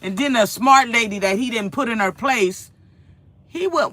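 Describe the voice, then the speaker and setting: A woman talks straight to her viewers in a loose, rambling way, repeating herself as she goes. Her voice is bright and forceful, and it sits close and dry in a small kitchen with no room echo at all. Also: a little high, normal speed. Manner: animated, rambling storytelling with repeated phrases. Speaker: vlogger. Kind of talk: casual chat to viewers.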